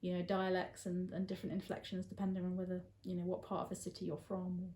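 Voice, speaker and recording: A woman with an English accent chatting casually, laughing often and filling pauses with ums. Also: fairly low pitch, monotone, mellow, echoey room. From England. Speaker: guest. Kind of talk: casual chat.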